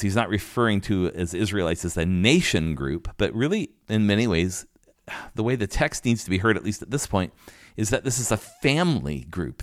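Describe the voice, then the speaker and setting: Low-voiced pastor teaching a sermon. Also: male voice, no echo, clean studio sound. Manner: teaching, explanatory, with restarts and fillers.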